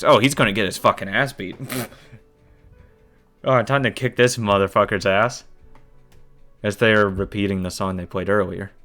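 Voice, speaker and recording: A man reading a visual novel aloud, breaking off for casual, profane asides. His pitch swings freely and his delivery stays animated. Faint music sits under the voice. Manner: casual, swears a lot in asides. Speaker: game reader.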